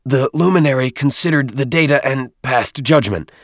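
A man voicing a small alien male deacon who squeaks in a high, muffled voice. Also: normal speed, dry recording, studio quality, close to an everyday voice. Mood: reporting. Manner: squeaky, muffled over a comm unit.

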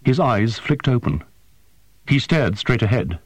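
Slow, expressive male audiobook narrator. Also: mid-range voice, slightly rough, no echo. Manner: slow, measured, expressive storytelling. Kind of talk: scripted narration.

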